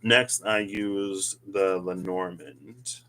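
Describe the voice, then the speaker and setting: A man's voice: low voice, steady tone, very slow, noisy background. A man chatting casually through a tarot reading, rambling, laughing often and talking to himself as he goes. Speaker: tarot card reader.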